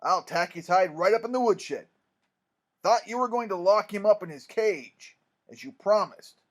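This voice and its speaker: A man's voice: fairly high pitch, expressive, normal speed, close to an everyday voice. A man playing a hot-tempered old-time minister. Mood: stern threatening. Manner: blustering, shouting threats. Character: irascible hot-tempered male small-town minister.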